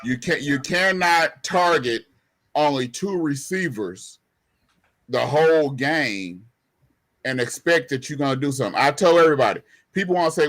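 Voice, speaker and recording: Emphatic sports-talk man, bright voice. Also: fairly high pitch, animated, normal speed. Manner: emphatic, repeats himself, colloquial. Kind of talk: heated sports debate.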